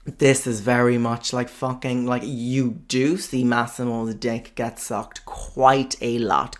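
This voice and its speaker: A man hosting a podcast, talking in a chatty, frank way, heavy on fillers and swearing. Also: mid-range voice. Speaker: podcast host. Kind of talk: casual podcast monologue.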